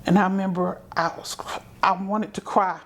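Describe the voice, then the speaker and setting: A woman's voice: medium pitch, level tone, normal speed. A woman guest telling a personal story vividly, acting out the remembered dialogue as she goes.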